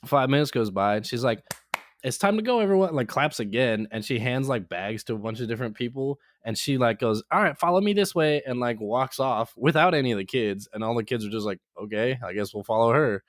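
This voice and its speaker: A man co-hosting a podcast, telling a casual story in an animated way, acting out other people's lines and saying "like" a lot. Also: medium pitch, brisk, hardly any pauses, no echo. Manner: peppers speech with "like". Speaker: podcast co-host.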